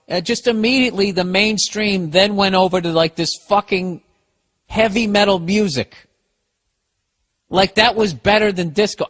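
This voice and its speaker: A man's voice: high voice, a bit bright. A middle-aged man hosting a podcast, ranting alone in a sarcastic, profane, casual way. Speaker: podcast host.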